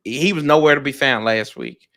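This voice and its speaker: A man trading casual, teasing trash talk about football on a live stream, with bursts of loud outrage. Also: mid-range voice, huge pitch swings, moderate pace, vocal fry. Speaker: rival fan guest. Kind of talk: casual sports debate.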